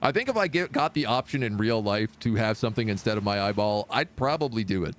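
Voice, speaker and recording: A man's voice: fairly low pitch, animated, fast, a little hiss or hum. A man streaming a pirate game live, joking around and reading the game's story text aloud. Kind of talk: live gameplay commentary.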